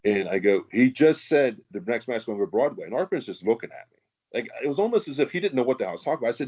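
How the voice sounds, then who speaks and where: A man's voice: mid-range voice, big pitch swings, rapid-fire, darkish tone, breathy edge, highs cut off. A man, a former wrestler, telling stories in a casual podcast chat, laughing often and swearing freely.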